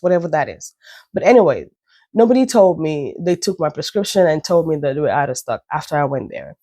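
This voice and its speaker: In a casual storytelling vlog recorded at home, a woman from Nigeria rambles through a chatty tale, poking fun at herself and wandering into asides while stuffy-nosed and coughing now and then. She has a deep, warm, sing-song voice and talks fairly quickly. The sound is dry and studio quality.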